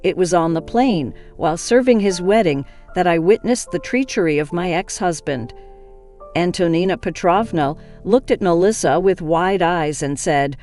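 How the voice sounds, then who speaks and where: A woman reading a scripted, emotional story in a steady, earnest way. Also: fairly low pitch, moderate pace. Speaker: narrator. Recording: faint music behind.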